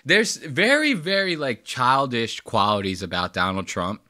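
A man's voice: medium pitch, lively intonation, a little slow, pushed and bright, dry recording, studio quality. A man hosting a podcast, riffing loosely and profanely while reacting to a video. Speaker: podcast host. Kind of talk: casual reaction commentary.

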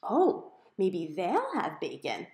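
A woman voicing an excitable little girl who gushes with eagerness. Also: on the low side, slow, full character voice. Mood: excited. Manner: bubbly, excitable. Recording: roomy echo.

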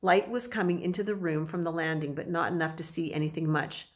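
A woman narrating a children's audiobook in a measured, expressive storytelling manner. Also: sits low.

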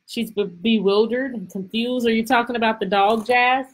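A woman teacher reading a picture book aloud to her class over a video call, expressive and full of questions. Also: fairly high pitch, moderate pace, low-quality recording. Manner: lively, expressive, stretches words, asks questions. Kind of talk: storybook read-aloud lesson.

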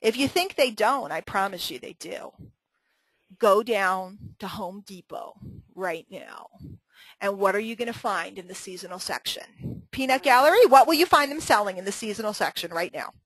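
A woman's voice: medium pitch, expressive, moderate pace, husky, no echo, poor audio. A woman hosting a live marketing webinar, chatty and joking, laughing often as she teaches. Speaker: webinar host and marketing trainer.

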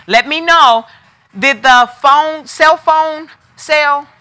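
A woman with a bright, fairly high voice hosts a live shopping stream. She chats familiarly with her viewers by name. She keeps circling back to prices as she works them out aloud. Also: drawn-out words. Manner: repeats prices eagerly, thinks aloud. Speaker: host of a live online sale. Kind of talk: live shopping sales pitch.

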